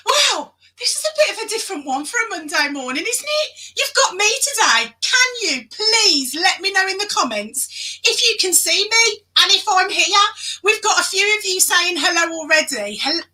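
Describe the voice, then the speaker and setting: A woman hosting a live stream in a loud, excitable, chatty way, reading out viewer comments as she goes. Her voice is high and very bright. She sits a bit back from the mic. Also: moderate pace, distant mic, rough recording. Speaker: guest host of a live show.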